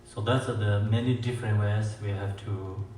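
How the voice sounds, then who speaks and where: A man with as his language gives a dharma teaching as a Buddhist teacher. He talks haltingly, with many fillers and restarts, and slows down to chant mantras. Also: fairly low pitch, steady tone, dark tone. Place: meditation centre hall. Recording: echoey room, mic far off, faint hiss.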